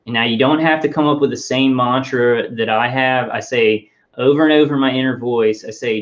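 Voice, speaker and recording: A man talking casually to his viewers in a rambling, halting way, full of restarts and fillers. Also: medium pitch, steady tone, muffled recording. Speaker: vlogger.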